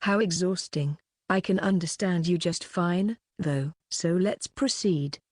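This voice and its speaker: A woman's voice: lowish voice, a little slow, dry recording, clean studio sound. A woman voicing a young male sorcerer who smokes, speaking curtly and with weary irritation in an audiobook reading.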